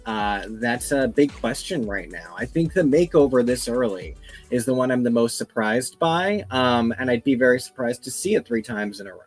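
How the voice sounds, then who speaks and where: A man's voice: medium pitch, lively intonation, normal speed, faint music behind. A man co-hosting a casual reaction chat, musing aloud and hedging his guesses. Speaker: podcast co-host.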